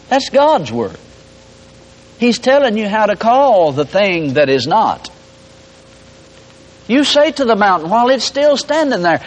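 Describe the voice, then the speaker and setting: Folksy male radio preacher, emphatic and animated, slightly high, muffled tape sound. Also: measured pace, pauses often. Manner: folksy homespun examples, emphatic rising calls. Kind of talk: radio sermon. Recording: dull lo-fi broadcast audio.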